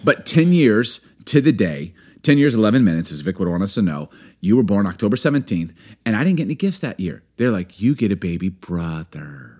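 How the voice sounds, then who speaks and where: A man in his thirties chatting casually as co-host. His pitch moves a lot as he jokes, laughs and puts on silly accents. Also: very animated, brisk, darkish tone, breathy edge. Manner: playful, laughing, doing goofy accents. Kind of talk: casual chat.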